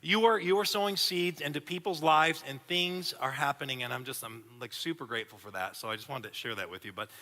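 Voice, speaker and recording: A man in his thirties preaching a sermon in a church, talking in an animated, conversational way with frequent restarts. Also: fairly high pitch, brisk, hardly any pauses. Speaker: pastor. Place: church auditorium. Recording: long hall reverb.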